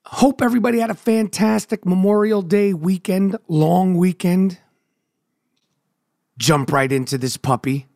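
A man's voice: high-pitched, a little slow, creaky, darkish tone, no room sound, clean studio sound. A man from New York hosting a podcast, ranting about sports with heavy swearing and sing-song chanted intros. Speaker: podcast host. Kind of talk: profane sports rant.

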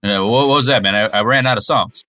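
A man's voice: mid-range voice, fast, bright, forceful tone, no room sound. A man in an improv comedy sketch, talking in a laid-back, grumbling way.

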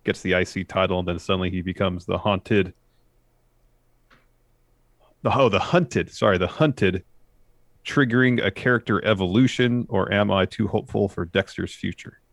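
A man co-hosting a casual wrestling chat show, relaxed and agreeable, reading viewer names and questions aloud. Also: sits low, moderate pace, long pauses, dry recording. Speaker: podcast co-host.

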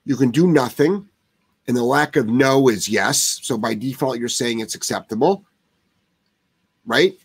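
A man's voice: medium pitch, measured pace, vocal fry, pauses often, husky. A man who trains dogs, answering viewer questions live in a blunt, profane way that heats up into rants. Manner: blunt, swears often, heated rants.

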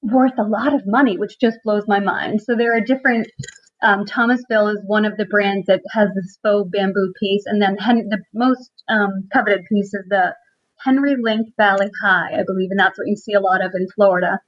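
A woman's voice: medium pitch, fairly even intonation, normal speed, husky. A woman talking in a casual interview, chatty and given to laughs, with many "um"s and restarts. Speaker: furniture refinisher, contest winner. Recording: slightly dull lo-fi sound.

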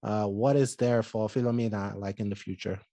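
A man's voice: on the low side, steady tone, fairly quick, dark tone, no echo. A man from Southern Nigeria hosting a podcast, chatting casually with a guest and using lots of "you know" fillers. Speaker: podcast host. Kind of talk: casual interview chat.

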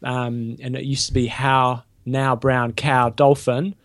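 A man who coaches triathlon co-hosting a casual podcast, talking in halting, restarting phrases. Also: medium pitch, level tone, no room sound. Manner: halting, restarts words often.

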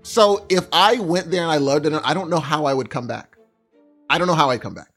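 A man's voice: on the high side, lively intonation, a little fast, fairly bright tone, soft background music. A man from the United States in casual banter, teasing and laughing often. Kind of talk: casual chat.

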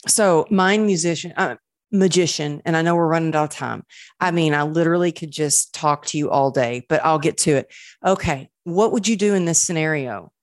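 A woman hosting an interview, chatty and enthusiastic, with words often coming out quickly. Her voice sits low for a woman. The sound is close and dry, with no room echo. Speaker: podcast host. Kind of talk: casual interview chat.

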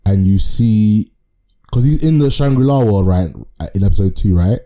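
A man's voice: fairly low pitch, animated, normal speed, dark tone, rough recording. A man co-hosting a podcast, chatting casually about anime in a rambling, sweary, slangy way. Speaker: podcast co-host.

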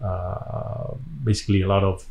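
A man from Tanzania, an actor being interviewed, telling long, lively stories with a laugh between them. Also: sits low, moderate pace, creaky, poor audio. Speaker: actor guest. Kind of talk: casual interview storytelling.

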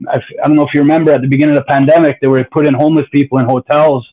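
A man's voice: on the high side, flat delivery, racing. A man telling his own story as a podcast guest, candid, blunt and profane, often rambling. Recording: phone-like narrow line.

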